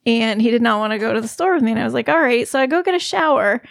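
A woman telling her side of a story in casual chat, animated, swearing and laughing often. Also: a little high, rapid-fire, gravelly, dry recording, studio quality.

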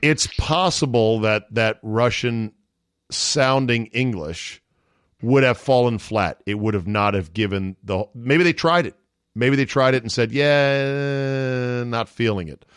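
A man's voice: medium pitch, a little slow, fairly bright tone, clear, resonant tone, dry recording, studio quality. A man hosting a podcast in casual chat, blunt and opinionated, swearing freely. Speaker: podcast host.

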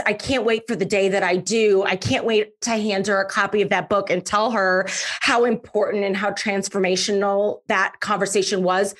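A woman with a slightly husky, breathy voice hosts her podcast, telling a story in a relaxed monologue. She talks in a chatty way with fillers and punches key words by saying them again. Her pitch sits in the middle range for a woman. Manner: lively, emphatic, repeats words for effect. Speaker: podcast host.

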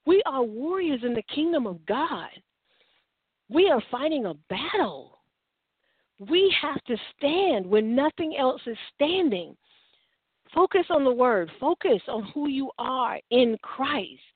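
A woman's voice: high voice, very animated, slow pace, breathy edge, dry recording. A woman preaching a sermon in a fervent, exhorting manner, firing off rhetorical questions. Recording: tinny phone-like line, dry.

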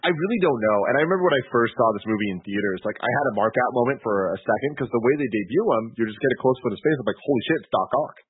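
A man with a mid-pitched, husky voice talks quickly, thinking aloud through his opinions. The sound is dry and phone-like. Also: expressive, dry recording. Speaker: podcast co-host. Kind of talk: casual film discussion.

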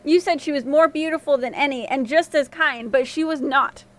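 A woman voicing a proud, quick-tempered king in a fairy-tale story, speaking in a commanding, indignant way. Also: high voice, lightly acted. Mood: angry.

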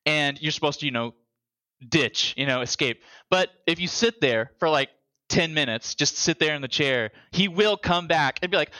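A man co-hosting a casual chat, telling rambling, animated stories and overthinking things aloud. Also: a little high, normal speed, no room sound.

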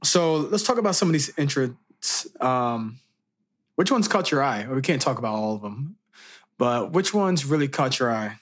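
A man's voice: mid-range voice, expressive, normal speed. A young man co-hosting a casual chat, upbeat, with motivational asides. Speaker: podcast co-host.

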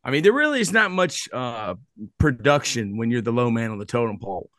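A man's voice: medium pitch, lively intonation, a little fast, a bit bright, dry recording, clean studio sound. A man, a football coach, chatting as a podcast guest in an easygoing, self-deprecating way. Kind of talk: casual chat.

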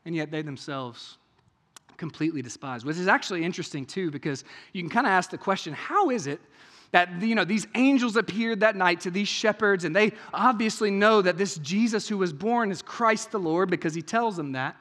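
High-pitched guy preaching, chatty, keeps asking "right?", long echo in the church hall. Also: a little fast. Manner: conversational preaching with frequent rhetorical questions and "right?"; swings between hushed, intimate passages and raised, emphatic ones. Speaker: pastor. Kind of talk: sermon. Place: church sanctuary.

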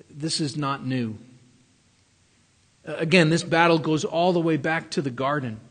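A man's voice: a little high, in a large hall. A man preaching a sermon earnestly, stressing his key words. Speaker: pastor.

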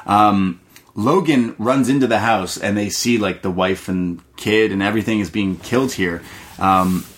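Casual male podcast reviewer, low voice, rambling profane recap. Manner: rambling, profane, many fillers. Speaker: movie podcast co-host.

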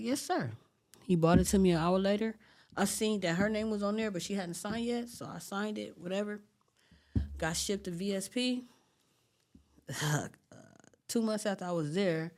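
A woman being interviewed, telling a long story in an animated, streetwise way and acting out what people said. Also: on the low side, normal speed. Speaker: interview guest.

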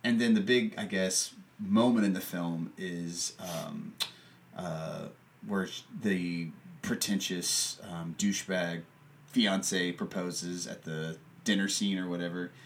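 A man's voice: low-pitched, fairly even intonation, slow. A man chatting casually about a movie, rambling with lots of fillers and frequent laughter. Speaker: podcast co-host. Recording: distant mic with faint background noise.

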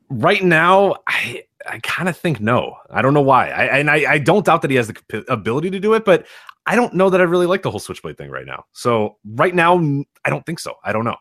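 A man co-hosting a podcast, talking fast in casual chat with many stammers and fillers. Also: on the high side, big pitch swings, fairly bright tone, dry recording, clean studio sound. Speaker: podcast co-host.

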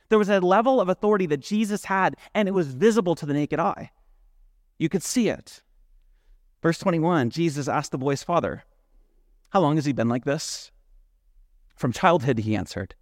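A male pastor preaching a sermon in a relaxed, conversational way, slipping into animated retellings full of "like" asides. His voice sits a little high for a man. The sound is close and dry, with little room echo. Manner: casual, animated storytelling with "like" asides. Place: church.

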